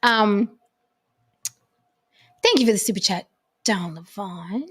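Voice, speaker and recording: A woman's voice: mid-range voice, takes it slowly, a bit bright, breathy edge. A woman hosting a livestream talk show, speaking bluntly and emphatically with frequent profanity. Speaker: host.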